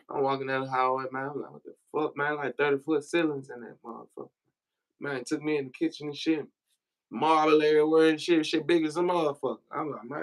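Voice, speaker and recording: A man from Memphis, Tennessee, medium in pitch and captured on a rough recording, casually tells stories on a livestream. He is profane and slangy, laughing as he goes.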